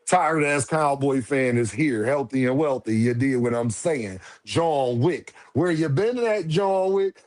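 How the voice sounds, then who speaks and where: A man hosting a casual livestream, firing off lively, repetitive shout-outs to viewers with slangy banter. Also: mid-range voice, unhurried, hardly any pauses. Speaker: livestream host.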